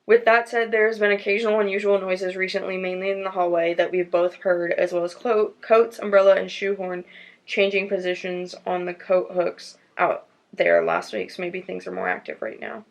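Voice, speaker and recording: A woman's voice: mid-range voice, level tone, moderate pace, low-quality recording. A woman hosting a podcast, chatting casually and reading ghost stories aloud in a storytelling tone. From North Carolina. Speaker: podcast host.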